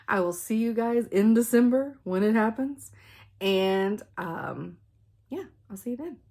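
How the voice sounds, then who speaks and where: A woman's voice: a little high, a little slow, dark tone. A woman hosting a cross-stitch vlog, chatting casually to camera in a rambling way and laughing often. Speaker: flosstube host.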